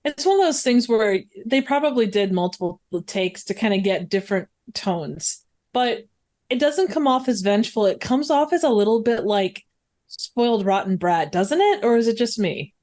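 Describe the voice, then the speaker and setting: A woman's voice: on the high side, lively intonation, moderate pace, a little mellow. A woman guest on a movie podcast, chatting casually with plenty of fillers and frequent laughter.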